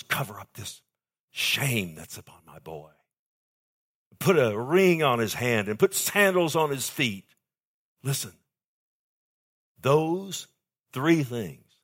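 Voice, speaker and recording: A man preaching a sermon with emphasis, swinging between quiet passages and loud outbursts and asking the congregation for a response. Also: medium pitch.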